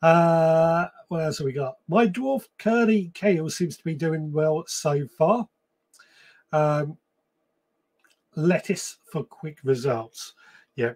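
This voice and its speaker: Casual male host with a fairly high voice, loose and chatty, reading comments on a live stream. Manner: chatty, relaxed, with frequent ums and restarts. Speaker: podcast host.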